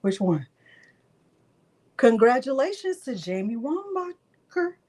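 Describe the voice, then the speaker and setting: A woman's voice: high voice, big pitch swings, takes it slowly, darkish tone. A middle-aged woman hosting a crafting livestream, gushing and exclaiming to viewers as she runs a prize drawing. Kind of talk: excited live stream chat. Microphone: desk microphone.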